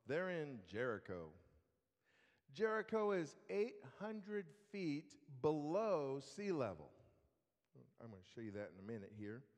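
A man preaching a sermon, telling a story in a conversational way. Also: fairly high pitch. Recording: long reverb of a hall.

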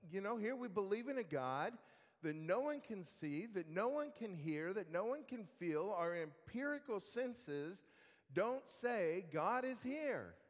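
A man teaching a Bible study lesson in a relaxed, conversational way, with fillers and restarts. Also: sits high, unhurried, long reverb tail.

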